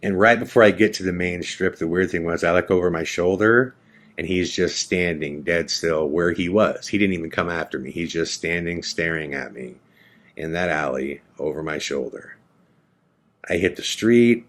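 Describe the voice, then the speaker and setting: A man's voice: deep voice, moderate pace. A man hosting a podcast, casually telling a first-person story and acting out both sides of the conversation. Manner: animated retelling, acts out both sides of dialogue. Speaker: podcast host.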